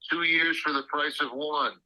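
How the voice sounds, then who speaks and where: A man's voice: on the high side, steady tone, normal speed, bright, forceful tone, poor audio. A man telling anecdotes as an interview guest, acting out the quotes with animation. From Illinois. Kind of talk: storytelling interview.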